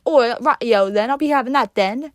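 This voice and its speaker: A woman's voice: a little high, normal speed, no echo, studio quality, lightly acted. A woman voicing a cheeky, brash British bloke in an exaggerated put-on British accent, full of slang.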